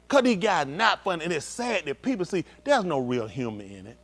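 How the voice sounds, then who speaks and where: Male preacher, high and lively voice, informal sermon with shouted bursts. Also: fairly quick. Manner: animated, shouting bursts, acts out scenes. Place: synagogue hall.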